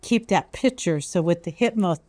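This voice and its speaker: A woman's voice: lowish voice, lively intonation, fast talker, darkish tone, dry recording. A woman hosting a health podcast, asking questions in a casual, hesitant way with many fillers. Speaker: podcast host. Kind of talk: casual interview talk.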